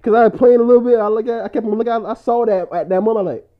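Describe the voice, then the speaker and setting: A man's voice: high voice, very fast. A young man in casual chat with a friend, telling stories animatedly, acting out quotes and laughing often. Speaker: friend chatting. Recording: dull lo-fi recording.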